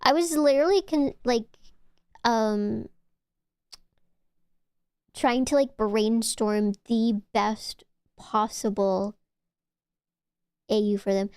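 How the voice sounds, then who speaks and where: A woman's voice: on the high side, takes it slowly, pauses often, darkish tone, clean tone, no echo, studio quality. A woman streamer chatting casually with her viewers, rambling, playful and swearing freely. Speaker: VTuber streamer. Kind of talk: casual livestream chat.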